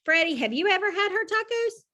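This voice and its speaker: A woman's voice: very high voice, lively intonation, brisk, sharp tone, pitched above the performer's own voice, exaggerated voice. A woman voicing a friendly young girl who chats proudly about her grandmother's cooking, reading a storybook aloud.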